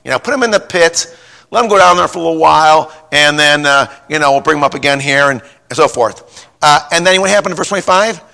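A middle-aged man preaching a folksy sermon, telling a personal story in a rambling way, repeating words and rising to a shout when stirred. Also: fairly high pitch, expressive, quick pace, creaky. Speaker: pastor.

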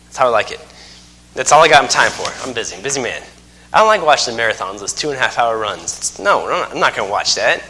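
A man's voice: mid-range voice, sing-song, fast, sharp tone. Man preaching in a big reverberant hall. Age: 30s. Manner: folksy storytelling, self-mocking humor. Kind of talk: sermon.

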